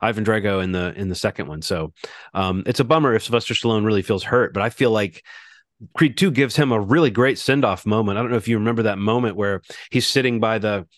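A man's voice: lowish voice, quick pace, dry recording, clean studio sound. A man co-hosting a podcast, chatting casually about films with many restarts. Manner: rambling, animated, many restarts. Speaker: podcast co-host. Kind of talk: casual film discussion.

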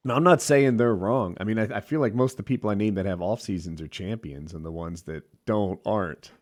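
A man's voice: on the low side, brisk, a little mellow. A man co-hosting a casual sports talk show, rambling with restarts and filler words. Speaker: podcast co-host.

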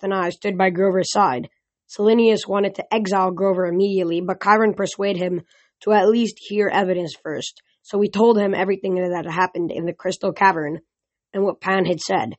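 Dry, steady audiobook reader. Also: medium pitch, no echo. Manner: steady reading with occasional restarts. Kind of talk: first-person novel narration.

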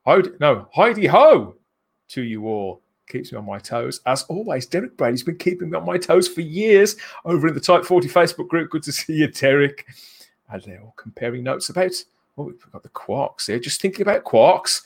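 A man's voice: a little high, expressive, fairly quick, creaky, husky. A man from England hosting a live-streamed chat show in a jokey way, chuckling between phrases. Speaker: host.

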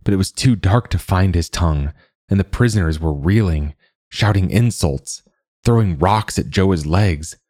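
A man narrates a dark fantasy story at a measured, deliberate pace. His voice is extremely deep. The recording is dry and close, with no room sound. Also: no echo. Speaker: audiobook narrator.

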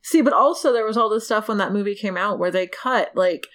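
A woman's voice: mid-range voice, brisk, fairly bright tone. A young woman rambling casually as a podcast co-host, laughing easily and swearing offhand. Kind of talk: casual chat.

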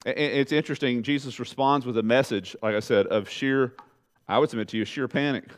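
Preacher guy giving a sermon, chatty with the congregation, goes loud then drops real low and quiet. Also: fairly quick. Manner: animated preaching, rising loud on questions and dropping low and soft for emphasis; conversational, talks straight to the congregation. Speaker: pastor.

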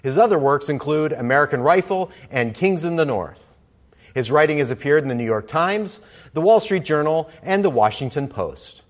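A man's voice: a little high, animated, normal speed. Man reading a formal introduction. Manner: formal, read from a script. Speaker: event host introducing a speaker. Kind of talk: read introduction. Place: museum lecture hall.

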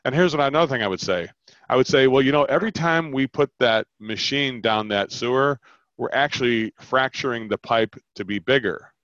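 Brisk and animated, a man in a mid-range voice coaches a caller by acting out a sales call from both sides. There's no room sound, and the call audio is dull and lo-fi.

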